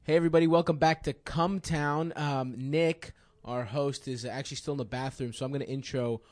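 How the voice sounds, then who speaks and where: A man's voice: mid-range voice, fairly even intonation, brisk, no room sound. A man with a mid-range voice co-hosting a comedy podcast. He laughs easily and slips into goofy introductions, recorded close and dry. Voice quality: laughs often, goofy mock-announcer intros. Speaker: podcast co-host. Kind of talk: casual comedic podcast chat.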